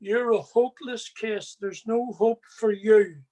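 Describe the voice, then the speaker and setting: A man's voice: high-pitched, a little slow, dark tone. A man voicing a distraught older mother who weeps and scolds her son, in a tearful, reproachful tone. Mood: tearful scolding.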